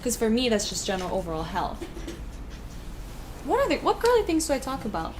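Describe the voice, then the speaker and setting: Lively young woman chatting on a livestream. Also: fairly high pitch, a little fast, slight background noise. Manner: animated, reads viewer comments aloud. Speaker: livestream co-host. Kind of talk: casual livestream chat.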